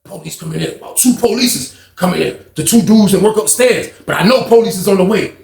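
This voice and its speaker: A man telling a prison story in casual, animated slang full of swearing. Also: high voice, a little fast, gravelly, roomy sound.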